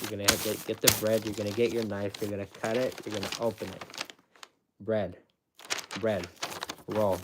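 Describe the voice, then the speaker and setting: A man with a fairly low voice walks through his method step by step. He repeats phrases for emphasis and restarts his sentences often, in a loose, casual way. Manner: explains step by step. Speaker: former sandwich shop worker. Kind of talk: casual explanation.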